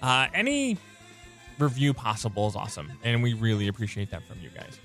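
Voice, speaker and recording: A man's voice: mid-range voice, sing-song, fairly quick, music in the background. A man hosting a podcast while sick, his voice strained, rambling enthusiastically with a lozenge in his mouth. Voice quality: sounds like something in his mouth. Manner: rambling, enthusiastic, self-interrupting. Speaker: podcast host. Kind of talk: casual podcast chat. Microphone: close podcast mic.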